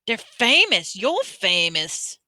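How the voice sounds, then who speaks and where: A woman voicing a huge, gruff but big-hearted male giant, speaking slow and booming. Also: big pitch swings, pushed and bright, no room sound, studio quality, full character voice. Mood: earnest.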